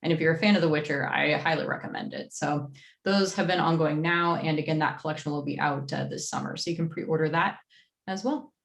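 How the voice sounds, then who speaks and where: A woman's voice: low-pitched, a little fast, vocal fry, reverberant. A woman hosting a casual livestream rundown of new comics, chatty and full of fillers. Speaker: comics publisher staff host.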